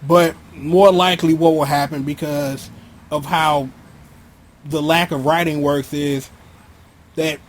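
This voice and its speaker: A man's voice: a little high, slow pace, long pauses. A man giving a blunt, slangy, casual rant about a wrestling event as a vlog host. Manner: blunt, slangy, animated ranting. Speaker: wrestling commentator vlogger.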